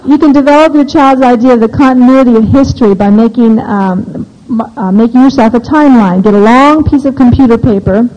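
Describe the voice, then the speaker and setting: A woman giving a live seminar talk, opinionated and practical, tossing questions out to the audience. Her voice is mellow and dark. The recording sounds dull and lo-fi. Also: on the high side, brisk, hardly any pauses. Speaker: homeschooling seminar speaker.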